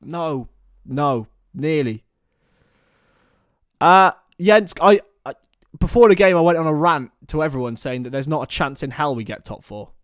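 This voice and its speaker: A young man giving partisan live commentary on a football match for a fan watchalong, chatting casually between the action and getting loud at chances. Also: fairly high pitch, measured pace, no echo, studio quality. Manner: partisan, rises to excited shouts at chances.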